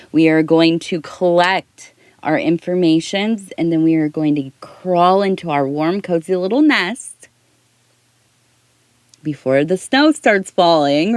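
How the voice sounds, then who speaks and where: A middle-aged woman giving a soft-spoken ASMR tea leaf reading, rambling and talking in circles, close to the mic. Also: low voice, no echo. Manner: rambling, talks in circles with restarts.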